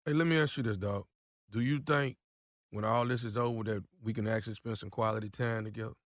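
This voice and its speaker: A man playing a laid-back, halting caller who pines for a friend's wife in a prank phone call, with slangy talk and lots of repeats. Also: on the low side, fairly even intonation, no room sound, clean studio sound, natural voice. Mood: sheepish. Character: smooth-talking man pining for a friend's wife. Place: radio studio.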